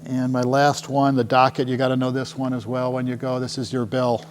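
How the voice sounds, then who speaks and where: Talking fairly quickly in a monotone, mid-range voice, this middle-aged tour company presenter gives a casual talk to a small live audience in a meeting room. He's jokey and chatty, frequently asking "right?", and the audio has long hall reverb and a faint hum.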